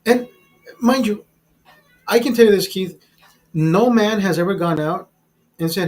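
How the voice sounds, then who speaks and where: With a high-sitting, darkish voice, this man in his forties hosts a show, rambling bluntly and cursing freely in a casual chat over drinks. He speaks at a measured pace with frequent pauses. The recording is rough.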